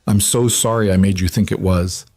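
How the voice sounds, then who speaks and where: A man's voice: deep voice, steady tone, moderate pace, a little mellow, no room sound, studio quality. A man voicing a frightened, tender young single father in a storybook, talking tight and urgent. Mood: anguished.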